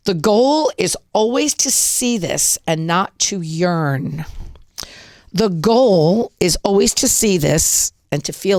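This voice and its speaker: An upbeat woman hosts a casual how-to talk in a motivational tone and acts out little examples as she goes. Her voice sits at a middle pitch and sounds dry and close, with no room around it. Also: dry recording. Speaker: podcast host.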